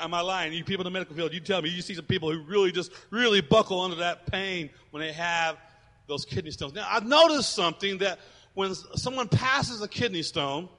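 A man preaching a sermon as a pastor, emphatic and swinging between loud and hushed, in an echoey hall. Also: high-pitched.

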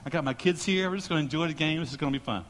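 Bright-voiced pastor preaching with reverb. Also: male voice, fairly high pitch, very fast. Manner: storytelling, joking, animated preaching. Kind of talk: sermon.

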